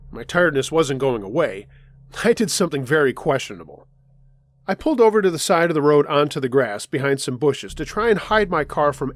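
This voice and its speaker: A man narrating first-person scary road stories in a scripted storytelling style, dropping his voice low for tense moments. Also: no room sound. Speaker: storyteller reading listener stories. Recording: faint music underneath.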